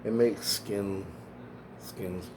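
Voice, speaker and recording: A man's voice: fairly low pitch, fairly even intonation, drawn-out words, a little mellow, a little hiss or hum. A man vlogging, telling a long personal story in a rambling, profane way, often restarting and correcting himself. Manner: profane, digressive, self-correcting.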